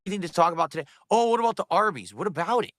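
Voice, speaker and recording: Bright-voiced defensive man. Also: sits high, lively intonation, very fast, no echo. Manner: defensive, dismissive. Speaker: interview guest. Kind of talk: casual interview talk.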